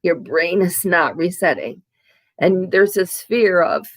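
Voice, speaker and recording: A woman vlogger speaking candidly and haltingly about her own recovery, with frequent restarts. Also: lowish voice, lively intonation, no room sound. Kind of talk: candid, emotional to-camera talk.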